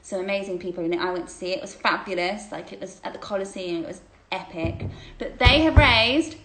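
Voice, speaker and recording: A woman's voice: medium pitch, a little fast, fairly bright tone, echoey room, slight background noise, rough recording. A woman hosting a casual livestreamed chat, reading out viewer questions, gushing and chatty and laughing often.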